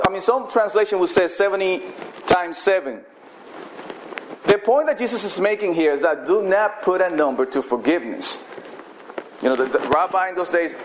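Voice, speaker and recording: High-voiced man preaching casually. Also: slight background noise, low-quality recording. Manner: conversational, repeats "I mean", emphatic slowdowns. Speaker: pastor. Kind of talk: sermon.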